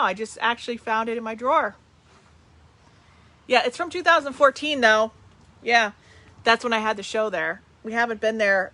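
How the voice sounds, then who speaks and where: A bright, energetic middle-aged woman talks to her viewers over a webcam. She is from New Jersey and hosts a live stream as a medium, greeting people by name and chatting loosely. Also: a little high, moderate pace, no echo. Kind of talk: casual live-stream chat. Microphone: webcam on a video call.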